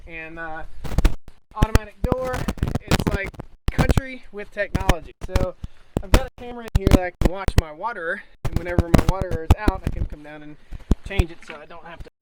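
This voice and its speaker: A man's voice: high-pitched, fairly quick. Man giving an enthusiastic farm tour outdoors. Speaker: farmer. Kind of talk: casual farm tour chat. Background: rain and outdoor noise.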